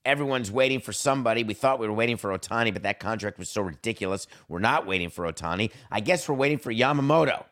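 A man's voice: lowish voice, expressive, quick pace, hardly any pauses, a bit bright. A man hosting a solo sports podcast, talking in a wry, theatrical way that swings between dry asides and mock-grand flourishes. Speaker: podcast host.

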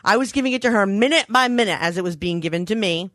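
A fast-talking woman co-hosts a podcast in a dry, studio-quality recording. She tells stories in casual chat with animated energy, acting out quotes with big jumps in pitch.

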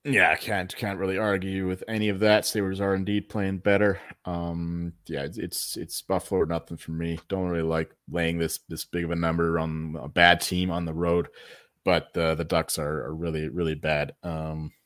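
A man's voice: deep voice, flat delivery, moderate pace, fairly bright tone, dry recording, studio quality. A man co-hosting a sports betting podcast, talking in a rambling way, repeating words and swearing casually. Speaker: podcast co-host.

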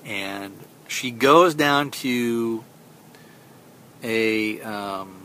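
A man with a lowish voice and a bright, forceful tone, retelling a movie's story in a loose, rambling way. He keeps stopping on fillers and acts out what the characters say. A faint rumble sits under the recording. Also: drawn-out words. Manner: rambling, retells scenes with quoted lines, many fillers. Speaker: podcast host. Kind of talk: casual film review recap.

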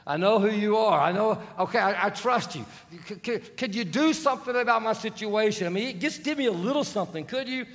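A man's voice: sits high, lively intonation, moderate pace, a bit bright, pitched above the performer's own voice. A man voicing a desperate woman who stammers as she begs for help. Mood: pleading. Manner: breathless, stammering pleading. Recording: long hall reverb, faint music.

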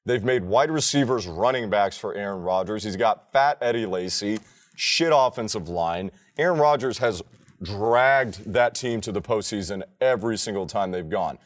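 Male podcast co-host, lowish voice, loud opinionated sports rants. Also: expressive, moderate pace. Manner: profane, emphatic ranting. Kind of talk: casual sports chat.

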